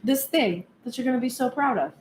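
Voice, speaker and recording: A woman's voice: high-pitched, lively intonation, brisk. Earnest woman reading tarot in an echoey room. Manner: reflective and earnest, speaking at length. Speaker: tarot reader. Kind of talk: spoken tarot reading vlog. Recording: echoey room with faint background noise.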